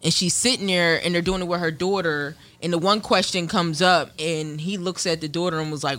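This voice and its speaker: A woman's voice: on the low side, fairly quick, hardly any pauses. A woman in casual podcast chat, animatedly retelling celebrity gossip with plenty of profanity. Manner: animated storytelling, profane, mimics people.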